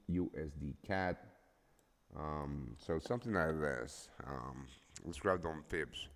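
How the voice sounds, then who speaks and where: A man's voice: very deep voice, expressive, takes it slowly, fairly bright tone, big-room sound. A man on a casual live stream, just woken up, rambling and swearing freely with lots of fillers. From El Salvador. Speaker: forex trading streamer.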